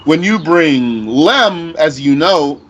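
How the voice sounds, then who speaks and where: A man teaching Arabic grammar, explaining deliberately and asking himself rhetorical questions. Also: fairly high pitch, animated, dull audio. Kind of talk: recorded grammar lesson.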